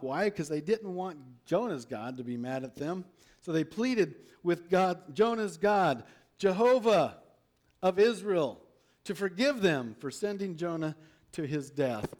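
A man's voice: a little high, animated, measured pace, a little mellow. A man preaching a sermon, reading a Bible story aloud and asking his listeners rhetorical questions.

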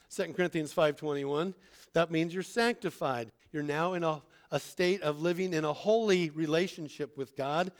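A man with a slightly high voice gives a Bible lesson in a relaxed, conversational sermon. He asks the listeners questions and acts out the people in the story. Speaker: Bible teacher. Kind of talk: informal sermon.

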